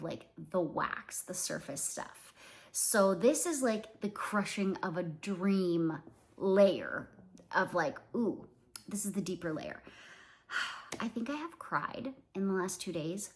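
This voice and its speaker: A woman from Canada in her forties, a small business owner talking casually to her viewers, rambling with lots of fillers. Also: medium pitch. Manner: chatty, rambling, many fillers and "like"s. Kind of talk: casual talk to camera.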